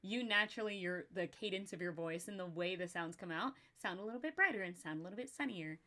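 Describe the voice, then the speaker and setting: A young woman hosting a podcast in casual chat, animated and quick to laugh, with a slight natural vocal fry and casual swearing. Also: fairly low pitch. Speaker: podcast host.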